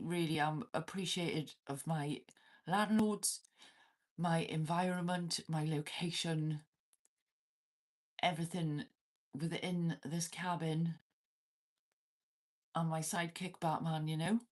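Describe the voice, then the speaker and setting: A Welsh woman chats loosely with her viewers on a livestream, her voice sitting a little low. She laughs a lot and swears without a second thought. She is talking from inside her cabin. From Wales. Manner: laughs often, swears freely, banters with chat. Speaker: livestream host. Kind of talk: casual livestream chat with viewers.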